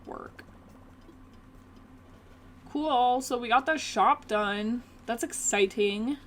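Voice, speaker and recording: A woman's voice: on the high side, drawn-out words, long pauses, a little hiss or hum. A young woman chatting casually through a gameplay session, often talking fondly to her cat. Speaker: gaming video creator.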